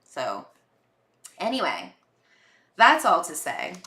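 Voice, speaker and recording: A woman's voice: lowish voice, wildly swooping pitch, slow, sharp tone, echoey room. A young woman hosting a podcast, telling candid personal stories in a chatty way, full of fillers and acted-out quotes. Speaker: podcast host. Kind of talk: casual personal storytelling.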